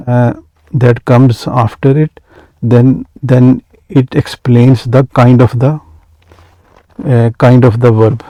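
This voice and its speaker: A man's voice: mid-range voice, mellow, no room sound, poor audio. A man teaching an Arabic grammar lesson, reading Arabic phrases and then explaining each one in English with frequent hesitations.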